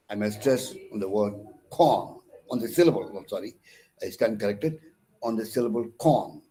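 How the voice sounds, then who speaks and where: In a low-quality recorded lecture, a counsellor with an Indian English accent and a low, warm voice teaches English. He spells words letter by letter, pausing often with "uh" and correcting himself.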